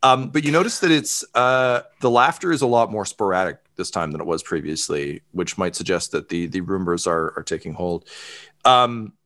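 A man's voice: deep voice, animated, normal speed, fairly bright tone. A man narrating as game master of a tabletop game, casual with many fillers. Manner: casual, filler-heavy, laughing.

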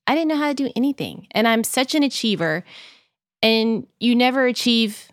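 A woman's voice: moderate pace, dry recording, studio quality. A woman in her forties, a mother of two, chatting candidly as a podcast guest and lifting her voice when she quotes herself. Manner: candid and animated, jumps up in pitch when quoting herself. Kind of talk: casual interview chat.

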